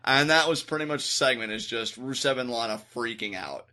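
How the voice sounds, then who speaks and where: A man co-hosting a podcast, talking through a wrestling show in casual, animated chat. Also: mid-range voice, a little fast. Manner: animated, acts out quotes in exaggerated voices. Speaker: podcast co-host.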